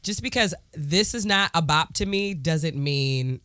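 A podcast co-host chatting casually who laughs often and acts out quotes. The voice moves a lot in pitch, with a mid register. It is recorded close and dry. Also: expressive, a little slow, pushed and bright, clean tone, no echo. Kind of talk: casual advice chat.

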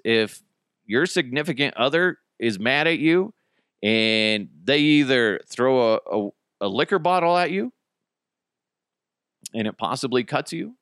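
A man's voice: mid-range voice, no echo, clean studio sound. A man hosting his own podcast, ranting casually and crudely with jokes and silly voices. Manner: crude, animated, jokey storytelling with put-on voices. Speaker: podcast host. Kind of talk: casual solo podcast rant.

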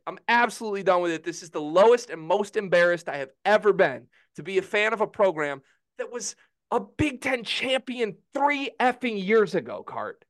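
A man co-hosting a college basketball podcast, explaining quickly and then ranting heatedly, his voice climbing high when he gets angry. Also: expressive, fairly bright tone, dry recording. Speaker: podcast co-host.

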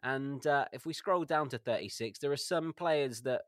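A man's voice: mid-range voice, moderate pace, no echo, clean studio sound. A man co-hosting a football podcast, thoughtful and hesitant, full of fillers. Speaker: podcast co-host. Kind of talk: casual chat.

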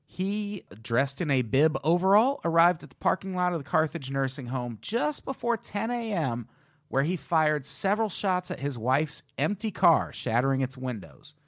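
A man's voice: on the high side, sing-song, normal speed, no echo. A man co-hosting a comedy true-crime podcast, reading the case casually and swearing as he goes. His voice swings widely up and down as he jokes around. The sound is dry and close, with no room around it. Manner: profane, joking tangents while reading a case. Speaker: podcast co-host.

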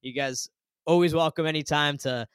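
A man hosting a sports betting podcast, chatting casually through his picks in a relaxed way. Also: on the high side, normal speed, smooth, no room sound. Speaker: podcast host.

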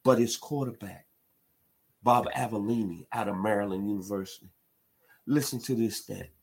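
A man's voice: lowish voice, moderate pace, gravelly, darkish tone, slightly rough. A man from Memphis, giving an emphatic sports commentary monologue. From Memphis, Tennessee. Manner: emphatic, builds to impassioned outbursts.

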